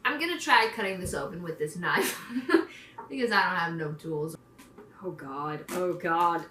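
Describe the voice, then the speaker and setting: A woman's voice: lowish voice, unhurried, bright, forceful tone, a little hiss or hum. A woman vlogger chatting casually and poking fun at herself while she works on a craft project. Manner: chatty and self-deprecating. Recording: roomy, from a distance.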